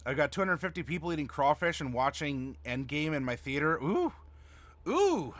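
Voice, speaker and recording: A man's voice: on the high side, fairly even intonation, brisk, a bit bright, no echo. A man hosting a livestream as game master, chatting casually and reading viewer messages aloud. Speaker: game master and stream host.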